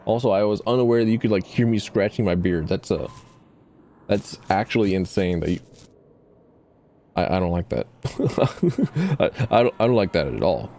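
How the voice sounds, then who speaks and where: Male streamer, mellow voice, rambling and stammering, self-deprecating. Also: fairly low pitch, sing-song, moderate pace, long pauses, slight background noise. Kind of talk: casual gameplay commentary.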